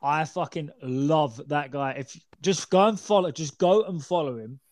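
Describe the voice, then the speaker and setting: A man chatting on a casual podcast, rambling and swearing a lot with animated delivery. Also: a little high, moderate pace. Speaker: podcast co-host.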